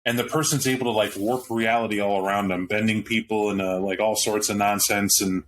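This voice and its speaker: A man's voice: lowish voice, steady tone, brisk, slight background noise. A man on a podcast panel, talking animatedly about a tabletop game with frequent restarts and asides. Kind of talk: casual roundtable chat about a tabletop game.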